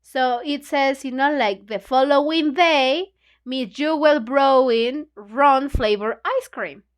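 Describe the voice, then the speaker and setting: A woman's voice: high voice, slow. A woman, a non-native English speaker whose first language is Spanish, hosting a beginners' book club and retelling a children's story loosely, with many "you know, like" fillers.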